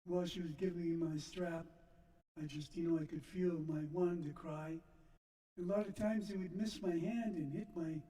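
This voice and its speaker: An older man slowly recounting a personal story to a church gathering, halting and reflective. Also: on the high side, fairly even intonation, mellow. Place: church sanctuary. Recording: echoey church from a distance.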